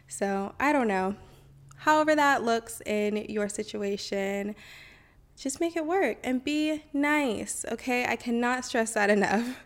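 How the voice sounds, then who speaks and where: Woman host, fairly high pitch, casual encouraging podcast talk. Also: a little slow. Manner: chatty, encouraging, says y'all and okay often.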